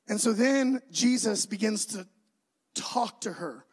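Animated high-voiced male preacher. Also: slow pace, slightly rough, poor audio. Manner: animated storytelling, acts out quoted voices. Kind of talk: sermon.

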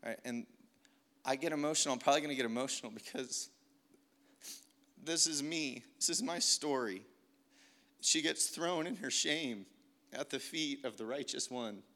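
A man's voice: mid-range voice, bright, forceful tone. A young man giving an emotional, earnest testimony sermon, often saying "like" as he speaks. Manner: earnest, emotional, many "like" fillers. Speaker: preacher.

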